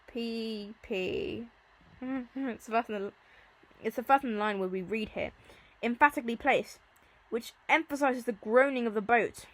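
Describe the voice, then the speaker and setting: Woman teacher, casual revision lesson, enthusiastic and repetitive, slightly higher voice. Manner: chatty, enthusiastic, repeats key terms. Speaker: Latin teacher. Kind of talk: informal exam-revision lesson.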